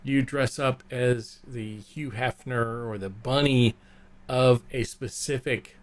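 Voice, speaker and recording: Male co-host, unhurried, halting delivery. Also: mid-range voice, steady tone. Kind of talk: casual chat.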